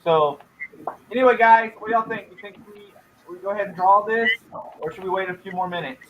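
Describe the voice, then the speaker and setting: A high-voiced man hosts a livestream, upbeat as he talks straight to the viewers. His audio is muffled and carries a clear layer of background noise. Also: fairly quick. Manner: upbeat, addresses viewers as y'all. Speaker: livestream host. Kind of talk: casual livestream hosting.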